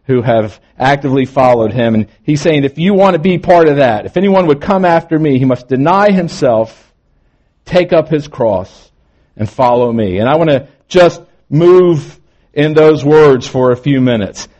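Man preaching a sermon, by turns emphatic and hushed. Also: a little high, lively intonation, moderate pace. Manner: preaching, shifting between emphatic and quiet. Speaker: pastor.

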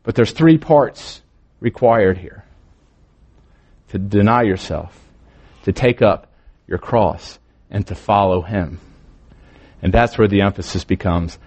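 A male pastor preaching a morning sermon, moving between emphatic lines and quieter, drawn-out phrases. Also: lowish voice.

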